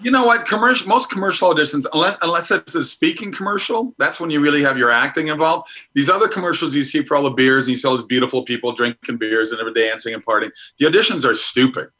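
A man's voice: on the high side, quick pace, hardly any pauses, sharp tone, low-quality recording. A middle-aged man from Minnesota, a guest actor talking frankly about his career in a casual interview.

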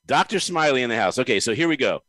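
A man's voice: medium pitch, expressive, quick pace, fairly bright tone, dry recording. A man hosting a casual chat over a video call, joking and playful. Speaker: host.

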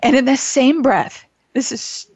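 A woman's voice: high-pitched, a little slow, darkish tone, breathy edge, no room sound, lo-fi sound. A middle-aged woman hosting a call-in show for teachers, talking in an earnest, gushing way with many restarts. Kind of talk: heartfelt casual talk show monologue.

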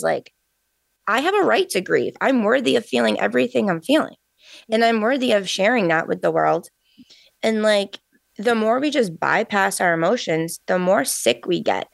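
A woman in her thirties co-hosting a podcast, talking in an open, emotional and animated way. Her voice has a heavy gravelly fry. The sound is close and dry, with no room echo. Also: mid-range voice. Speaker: podcast co-host, energy healer. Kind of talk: casual emotional chat.

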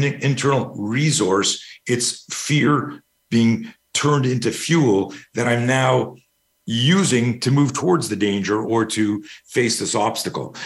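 A middle-aged man, a guest talking about fear management, telling a long personal story in a rambling, casual way with the odd curse. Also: mid-range voice. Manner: rambling, anecdotal, casual swearing. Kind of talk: storytelling interview.

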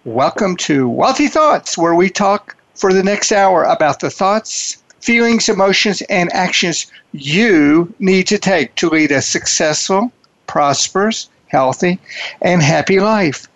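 A man hosting a radio talk show, with an effusive manner and slow, emphatic phrasing. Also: sits high, expressive, a bit bright. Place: studio in a large city.

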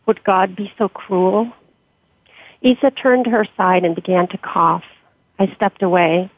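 A woman with a husky, mid-range voice reads from her own memoir in a measured, quiet way, then answers interview questions. Her steady tone comes through a dry, tinny, phone-like line with no echo.

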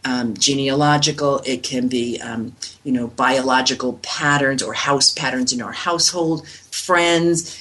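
A woman's voice: extremely low pitch, a little slow, fairly bright tone. A woman in her sixties from New York, a reflexologist telling stories in an interview, rambling with many fillers and restarts. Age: 60s. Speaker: guest reflexologist. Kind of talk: interview answers.

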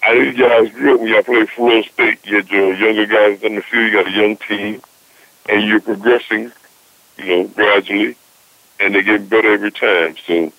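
A man's voice: lowish voice, sharp tone, no room sound. A male caller talking to a sports radio show in a laid-back, rambling way, often saying "man". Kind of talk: casual phone-in chat. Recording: muffled phone-in line.

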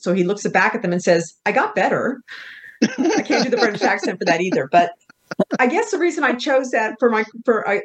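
A woman author speaking as a guest on a talk show, earnest and reflective, with a self-deprecating touch. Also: mid-range voice. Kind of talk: casual interview chat.

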